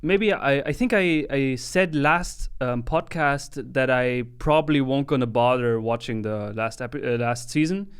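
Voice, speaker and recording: A man co-hosting a casual podcast, easygoing and quick to chime in with agreement. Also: medium pitch, clean tone. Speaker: podcast co-host.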